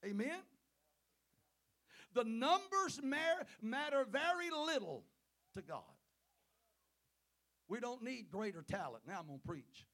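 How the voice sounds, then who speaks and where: A man with a high, gravelly voice preaches a sermon in a church. He calls out to the congregation again and again and swings from fervent, loud peaks down to quiet, low asides. He jokes with the crowd between his points. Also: sing-song, slow, pauses often. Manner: calls out "Amen?" and "Hello?" to the congregation. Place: church sanctuary.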